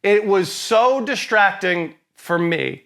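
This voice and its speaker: A man's voice: high-pitched, expressive, slow pace, gravelly, fairly bright tone. A man co-hosting a casual movie review show, emphatic and opinionated, laughing often. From lives in Boston. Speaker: podcast co-host.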